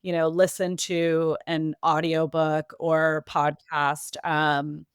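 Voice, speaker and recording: New england woman chatting on a podcast, quick and lively, smooth voice, dry room. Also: sits low, no room sound. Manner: quick, lively, many fillers and restarts. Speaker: podcast guest, marketing executive. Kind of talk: casual interview talk.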